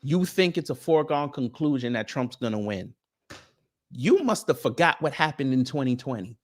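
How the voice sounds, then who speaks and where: A male streamer rants at his audience and fires off question after question in a mocking tone. His pitch sits in the middle and he laughs with scorn as he talks. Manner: animated, mocking, rapid rhetorical questions. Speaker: political commentary host. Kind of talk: ranting live-stream commentary.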